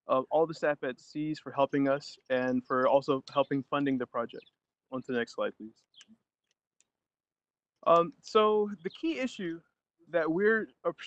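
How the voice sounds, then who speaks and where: A young man presenting a student project on a video call from outdoors, speaking hesitantly with many fillers. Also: fairly high pitch. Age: young adult. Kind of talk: online class presentation. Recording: muffled lo-fi call audio.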